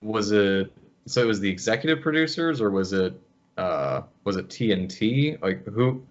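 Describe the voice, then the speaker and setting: Very deep-voiced man asking questions. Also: animated, normal speed, highs cut off. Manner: hesitant, circling questions. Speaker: interviewer. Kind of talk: casual interview chat.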